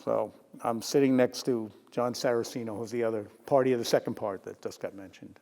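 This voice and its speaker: An older man, a retired sports journalist telling lively stories in an interview, often laughing. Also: medium pitch, brisk, in a large hall. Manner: lively anecdotal storyteller who laughs and acts out quotes. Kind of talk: storytelling in a sit-down interview.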